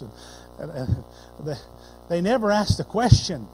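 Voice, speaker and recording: A man preaching a folksy, animated sermon that swings between loud declaring and hushed storytelling. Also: a little high, normal speed, slight background noise, poor audio. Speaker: pastor.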